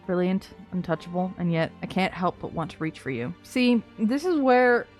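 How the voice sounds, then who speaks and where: Woman, lowish voice, reads fanfiction aloud, soft hushed narration, excited asides, faint music behind. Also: normal speed. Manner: soft hushed reading broken by excited reactions. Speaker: content creator. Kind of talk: reading fanfiction aloud with commentary.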